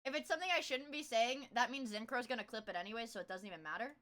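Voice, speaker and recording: High bright-voiced woman streamer. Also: rapid-fire. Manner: rambling, swearing, loud bursts of laughter. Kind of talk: casual livestream chat.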